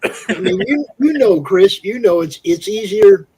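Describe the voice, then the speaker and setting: A man's voice: high-pitched, animated, a little slow, darkish tone, poor audio. A man chiming in on a convention panel with encouraging, laughing remarks. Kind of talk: casual convention panel chat.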